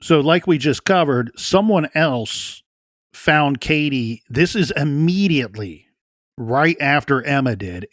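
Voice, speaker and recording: A man's voice: medium pitch, no echo, clean studio sound. A man co-hosting a true crime podcast, talking through a case in an earnest way and often repeating words as he thinks aloud. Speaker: podcast co-host.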